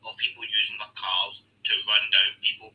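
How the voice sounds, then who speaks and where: A man's voice: fairly low pitch, completely flat delivery, normal speed, recorded from a distance, lo-fi sound. A man with a Scottish accent calling into a debate, combative and mocking. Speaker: caller.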